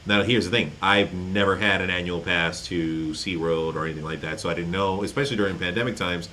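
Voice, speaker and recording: A man's voice: low voice, fairly even intonation, fairly quick, pushed and bright, slight background noise, poor audio. A man co-hosting a podcast, telling a rambling story in casual chat and swearing freely. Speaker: podcast co-host.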